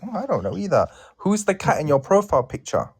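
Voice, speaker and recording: Lively British man hosting a chat. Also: fairly high pitch, fast talker, breathy edge, no room sound. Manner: animated, laughs often, playful. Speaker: host. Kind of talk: casual online chat.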